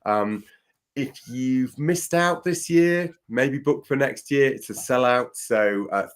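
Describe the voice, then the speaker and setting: Breezy man hosting. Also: on the low side. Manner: breezy, upbeat, full of fillers. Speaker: host. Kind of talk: casual live show chat.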